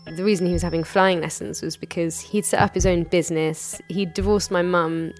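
A woman's voice: lowish voice, fairly even intonation, brisk, faint music behind. A woman in her thirties telling a personal anecdote in a candid, chatty way. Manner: candid, chatty retelling with frequent hedges. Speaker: storyteller.

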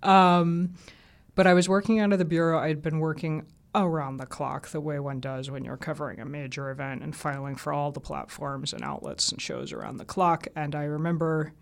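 A woman's voice: deep voice, normal speed, gravelly. Chatty woman journalist telling stories. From American South. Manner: chatty, relaxed anecdotal storyteller. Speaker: radio journalist guest. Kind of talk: casual interview storytelling.

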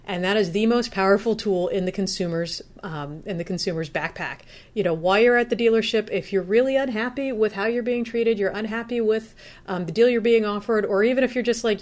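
A woman's voice: mid-range voice, a little fast. A woman giving casual, practical advice in an easygoing conversational way, acting out what a buyer might say. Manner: chatty, practical, acts out buyer's inner voice. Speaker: car buying expert guest.

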